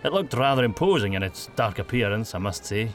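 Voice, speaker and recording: A man's voice: on the low side, expressive, brisk, faint music behind, natural voice. A man voicing a faithful male companion with a formal, mannered way of speaking.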